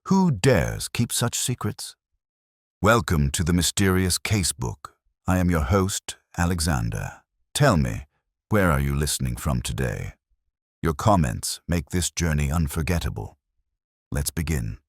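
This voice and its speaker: Very deep husky male narrator. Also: very animated, no echo, clean studio sound. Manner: measured, solemn storyteller delivery. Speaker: host and narrator. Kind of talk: scripted storytelling narration.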